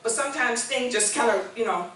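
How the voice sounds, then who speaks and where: A woman's voice: a little high, fairly quick, fairly bright tone, slight background noise. A woman in her sixties preaching a sermon with call-and-response, moving between conversational talk and emphatic declarations. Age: 60s. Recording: echoey church room, mic far off.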